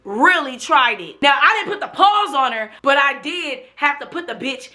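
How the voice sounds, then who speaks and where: High, bright-voiced young woman telling a story. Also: moderate pace. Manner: blunt, profane, animated storytelling. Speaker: vlogger. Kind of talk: storytime vlog.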